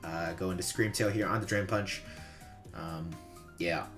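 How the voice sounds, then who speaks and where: Laid-back man with a bright, low voice. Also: fairly even intonation, unhurried, soft background music. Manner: laid-back and rambling, chuckles often, swears casually. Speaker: competitive player reviewing his own match replay. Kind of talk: casual gameplay commentary.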